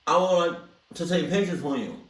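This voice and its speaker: A man voicing a sleazy fake-French male photographer with a mock French accent and wheedling, drawn-out sweet talk. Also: a little high, roomy sound, recorded from a distance, pitched above the performer's own voice, lightly acted.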